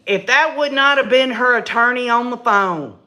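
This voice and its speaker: A woman's voice: on the high side, moderate pace, pushed and bright. A middle-aged woman giving emphatic live commentary on a true-crime case and talking straight to her viewers. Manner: emphatic, addresses viewers as "y'all", repeats and restarts when indignant. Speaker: livestream host.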